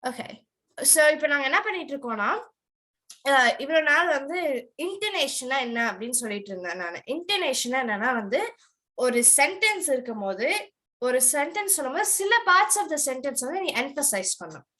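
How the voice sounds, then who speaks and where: A woman teaching an online accent class to children over a video call. She drills words slowly and with emphasis, switching between English and Tamil. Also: sits high, sing-song, bright, forceful tone, rough recording.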